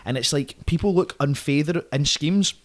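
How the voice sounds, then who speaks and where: A young Glaswegian man with a fairly high voice spins rough street stories as a podcast guest. He swears freely and checks in with his listener every few words, loose and conversational throughout. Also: normal speed. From Scotland. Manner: profane, vivid storyteller, constant "right?" and "mate". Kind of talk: casual storytelling chat.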